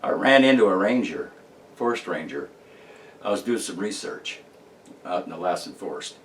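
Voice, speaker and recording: A man's voice: low-pitched, big pitch swings, normal speed, recorded from a distance, slight background noise. A man talking casually about his paranormal research, rambling and emphatic, with many restarts and fillers. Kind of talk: casual monologue to camera.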